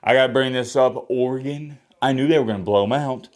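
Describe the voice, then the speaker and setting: A man doing a solo sports reaction vlog. He talks in a blunt, opinionated way, with energetic swings in pitch and a slightly hoarse voice. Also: brisk. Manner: opinionated, blunt trash talk. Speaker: sports vlogger. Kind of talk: solo college football reaction.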